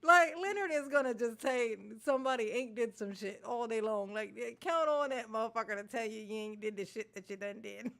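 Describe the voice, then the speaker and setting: Here the Maryland woman speaks a little high and a little fast, her tone fairly bright. She's hosting a casual reaction video, swearing, laughing, and ranting with plenty of energy.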